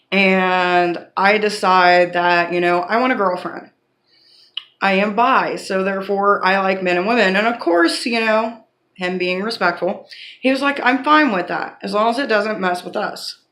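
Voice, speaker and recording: A woman with a bright, clear voice tells a personal story straight to camera. She talks in a casual, blunt, candid way, swearing freely. Her pitch sits in the middle range. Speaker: vlogger.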